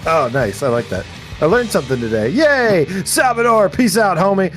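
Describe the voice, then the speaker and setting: A man with a high, bouncy voice that leaps all over the place, co-hosting a live show in loose casual chat. He is playful and excitable as he rattles off viewer shout-outs, with faint music underneath. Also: a little slow.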